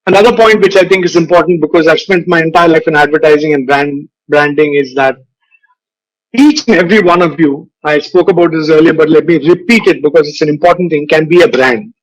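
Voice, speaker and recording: Brief: older male speaker, slightly high voice, unhurried anecdotes, lecture tone. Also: low-quality recording. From India. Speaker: guest speaker, advertising veteran. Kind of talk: motivational speech with anecdotes. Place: virtual event recording.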